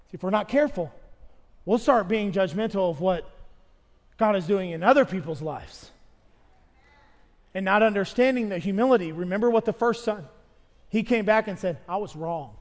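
A man's voice: high-pitched, expressive, moderate pace, long pauses. Impassioned male pastor preaching in a reverberant hall. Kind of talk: sermon. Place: church sanctuary with long reverb.

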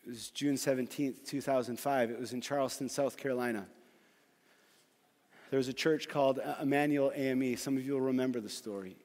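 A man preaching a sermon as a pastor, speaking earnestly and pausing often, then pressing his points with more force. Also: mid-range voice, steady tone, darkish tone, in a large hall.

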